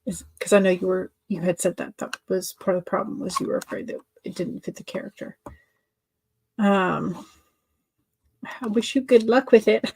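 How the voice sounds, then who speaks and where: A woman's voice: medium pitch, fairly even intonation, moderate pace, vocal fry, long pauses, a little mellow, breathy edge. A woman hosting a writing-sprint livestream, chatting casually and answering viewer comments with many fillers and restarts.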